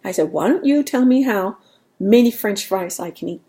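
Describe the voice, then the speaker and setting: A woman's voice: mid-range voice, animated, normal speed, noisy background. A woman talking in a casual, rambling way at home, laughing at herself as she goes. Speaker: vlogger. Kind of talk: casual chat.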